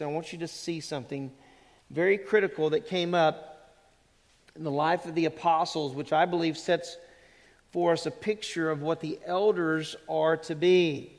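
A middle-aged male pastor preaching an expository sermon, talking with the congregation and often putting questions to them. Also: on the high side. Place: church sanctuary. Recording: long hall reverb.

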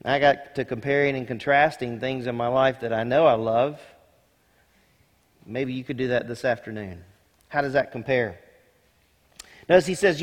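A man's voice: medium pitch, moderate pace, long pauses. A male senior pastor preaching a sermon in a church, emphatic, repeating key words and asking rhetorical questions. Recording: long hall reverb.

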